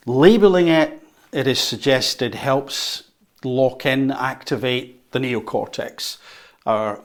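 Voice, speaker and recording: Man giving an animated whiteboard lecture. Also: medium pitch. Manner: animated, acts out inner voices; unscripted, with fillers and repeats. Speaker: teacher.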